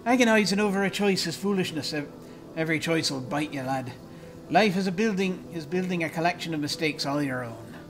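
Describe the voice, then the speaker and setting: A gruff, sour old midwife woman from a video game speaks in stern, old-fashioned riddles, as a man puts her on. Her tone is scolding and cryptic. Faint game music plays underneath. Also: on the high side, fast, close to an everyday voice. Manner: stern, scolding, archaic phrasing.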